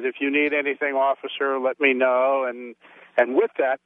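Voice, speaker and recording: A man's voice: on the high side, no room sound. A blunt, tough-talking male caller, a former police officer, heard over a tinny phone line. The sound is thin and dry, with no room around it. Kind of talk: call-in storytelling.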